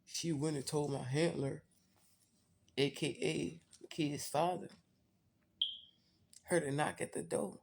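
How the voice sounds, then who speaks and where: A woman's voice: low-pitched, fairly even intonation, slow, vocal fry, pauses often, darkish tone, a little hiss or hum. A woman vlogger telling a personal story in a blunt, profane, candid way, talking straight to her viewers.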